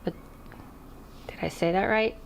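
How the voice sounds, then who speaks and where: A woman's voice: medium pitch, fairly even intonation, measured pace, vocal fry, slight background noise. A middle-aged woman who works as an intuitive medium, chatting casually to camera on her vlog and rambling off topic with little laughs. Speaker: intuitive medium and channel host.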